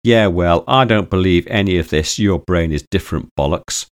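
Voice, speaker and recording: Brief: male reader playing a sarcastic young woman who smokes, low-key and blunt, storybook. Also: normal speed, clean tone, close to an everyday voice.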